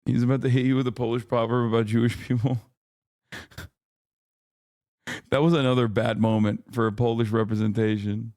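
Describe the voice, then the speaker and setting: A man's voice: medium pitch, level tone, normal speed, pauses often, a little mellow, no echo. Guy streamer ranting to chat, swears a lot, laughs between lines, dry close mic. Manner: brash, profane, laughing, mock accents. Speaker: streamer reacting to a video. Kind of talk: casual live-stream chat.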